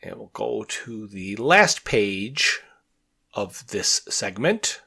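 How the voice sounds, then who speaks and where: A man's voice: fairly low pitch, big pitch swings, drawn-out words, vocal fry, pushed and bright, husky. A man co-hosting a podcast, talking through a comic with dry, wry remarks. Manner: dry, wry asides while reading along. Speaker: podcast co-host. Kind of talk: casual comic book discussion.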